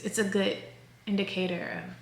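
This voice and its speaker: A woman's voice: mid-range voice, little pitch movement, moderate pace, reverberant, a little hiss or hum. A woman, chatting casually to camera as a vlogger, rambling and correcting herself as she goes. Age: 30s.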